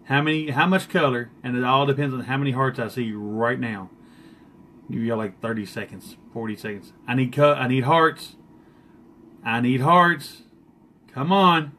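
A man's voice: medium pitch, normal speed, sharp tone, slight background noise. A man doing a joking live-stream makeup session, teasing and boastful.

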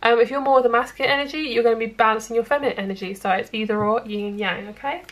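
A woman's voice: on the high side, very fast, fairly bright tone. Chatty woman reading tarot. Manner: chatty, reassuring, addresses viewers directly. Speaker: tarot reader. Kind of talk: casual tarot reading to camera.

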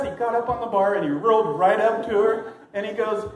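A man's voice: high-pitched, fairly quick, crowd noise. Rambling young man doing stand-up. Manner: rambling, hesitant, self-amused. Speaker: stand-up comic. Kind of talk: open mic stand-up storytelling. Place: small comedy venue. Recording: echoey room with clear noise.

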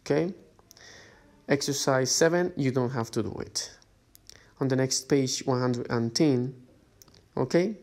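A man's voice: medium pitch, a little slow, pauses often, darkish tone. Male English teacher giving exercise instructions. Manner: guides students step by step, often checks with a rising "okay?"; plain, patient, reads exercise instructions aloud. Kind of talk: recorded lesson instructions.

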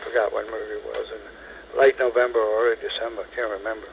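A man in his seventies, interviewed over the telephone, telling a long story in a lively way and acting out what others said. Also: fairly low pitch, fast, vocal fry, a little hiss or hum, poor audio. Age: 70s. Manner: lively storyteller, acts out quoted speech.

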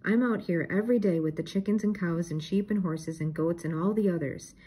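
A woman's voice: lowish voice, brisk, dark tone, breathy edge, low-quality recording. Woman voicing a grumpy old farmhand. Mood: grumbling. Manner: grumbling, complaining. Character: grumpy older male farmhand.

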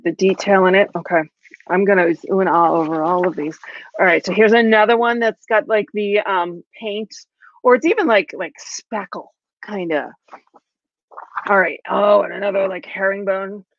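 A woman's voice: mid-range voice, dry recording. A woman co-hosting a craft show, showing products casually and gushing with gasps and lots of fillers. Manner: gushing, gasping, many fillers. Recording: slightly dull, dry sound.

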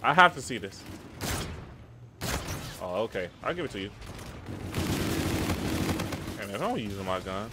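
A young man giving live, slangy, excitable commentary over his own shooter gameplay. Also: on the low side, measured pace, pauses often, heavy background noise. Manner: excitable, slangy, trash-talking. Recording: game gunfire behind the voice.

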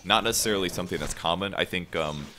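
A man casting a live esports match, explaining builds and calling fights with rising excitement. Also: sits low, slight background noise. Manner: explanatory, lifts into fast excited calls during fights. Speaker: esports play-by-play caster. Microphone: home setup over an internet voice call.

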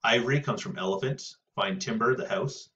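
A man teaching a recorded poetry lesson in a casual, thinking-aloud way, often pausing with fillers and checking in with "right?". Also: mid-range voice, bright, forceful tone. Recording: distant, muffled lo-fi audio.

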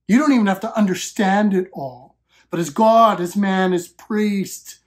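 A woman's voice: mid-range voice, moderate pace. A woman pastor with an American accent preaching an earnest sermon that builds to fervent, emphatic passages.

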